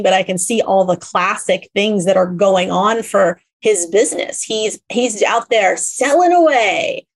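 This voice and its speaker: A woman hosting a podcast interview, talking in a lively conversational way and acting out quoted voices. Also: mid-range voice, unhurried, hardly any pauses. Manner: animated, acts out quoted voices. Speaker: podcast host.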